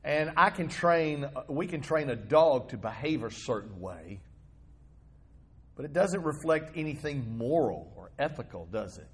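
Guy pastor preaching, kinda husky, higher voice, chatty storytelling with questions to the crowd. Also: very animated, unhurried. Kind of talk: sermon.

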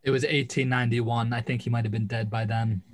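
A man co-hosting a casual podcast, chatting in an easygoing, halting way full of "like". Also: mid-range voice, flat delivery, a little hiss or hum. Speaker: podcast co-host. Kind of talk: casual chat.

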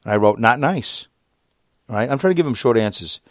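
A man in his fifties, a podcaster, telling a long casual story about an online argument, exasperated and animated, his voice often jumping up high. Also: brisk, no echo, studio quality. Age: 50s. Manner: animated, exasperated, with sudden jumps up in pitch; reads out messages.

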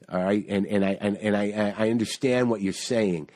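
A man's voice: lowish voice, fairly even intonation, fairly quick, few pauses, a little mellow, dry recording, studio quality. A middle-aged man, a stand-up comedian, telling a story in casual chat, swearing often and restarting his sentences as he gets heated. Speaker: stand-up comedian, podcast guest.

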